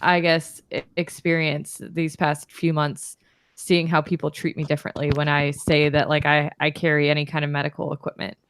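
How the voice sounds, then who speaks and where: A woman's voice: deep voice, flat delivery, normal speed, clean tone. An American woman co-hosting a live stream, chatty and casual, saying "like" a lot. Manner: chatty, laughs often, uses "like" a lot. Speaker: podcast co-host.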